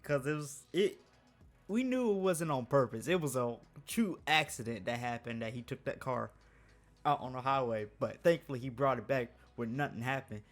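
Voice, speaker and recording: A man's voice: medium pitch, moderate pace, faint music behind. A man telling a work story in a casual, slangy way, laughing often.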